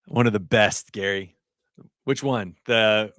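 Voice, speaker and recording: A man's voice: fairly low pitch, big pitch swings, slow pace, long pauses, fairly bright tone, no echo, clean studio sound. A middle-aged man, an ER nurse, hosting a casual livestream, reading chat aloud and laughing often.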